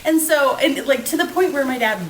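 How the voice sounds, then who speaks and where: A woman co-hosting a podcast in casual chat, dramatic and animated, often breaking into laughter. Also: sits high, fairly quick, a little hiss or hum. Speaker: podcast co-host. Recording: roomy echo.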